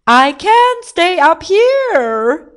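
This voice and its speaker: A woman voicing an excitable childlike king in a storybook read-aloud, crying out in slow, loud exclamations. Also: fairly low pitch, husky, exaggerated voice. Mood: panicked.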